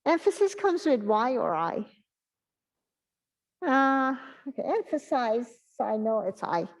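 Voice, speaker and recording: Unhurried higher-voiced woman teaching math. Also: very animated, poor audio. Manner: halting, thinking aloud with many pauses and fillers. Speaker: math instructor. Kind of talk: exam review lecture. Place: online class session.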